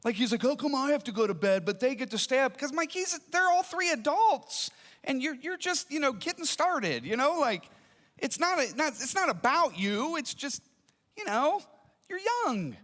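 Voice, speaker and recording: Animated preacher in a reverberant hall. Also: male voice, very high-pitched, normal speed. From American Midwest. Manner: animated storytelling with acted-out dialogue. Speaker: pastor. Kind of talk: sermon. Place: church auditorium. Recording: long reverb of a large hall.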